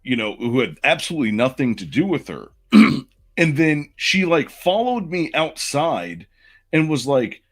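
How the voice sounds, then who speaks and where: A man's voice: fairly high pitch, very animated, a little slow. A man in his forties, a podcast co-host, telling a long personal story in casual, rambling fashion. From Southern United States.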